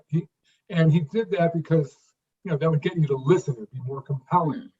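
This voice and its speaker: Brief: fifties man, interview guest, slightly high voice, halting restarts, distant dull recording. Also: a little mellow. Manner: halting restarts, repeats words, then emphatic phrases. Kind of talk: conversational interview.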